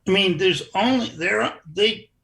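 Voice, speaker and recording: A man's voice: high voice, unhurried, gravelly, sharp tone. An older man, a former wrestler, telling stories in a rambling, casual interview. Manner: rambling, restarts, chuckles.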